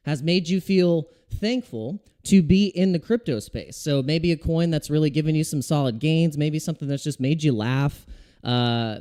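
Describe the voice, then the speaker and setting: A man hosting a crypto livestream, chatting casually with viewers in a relaxed, rambling way and chuckling often. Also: a little high, smooth.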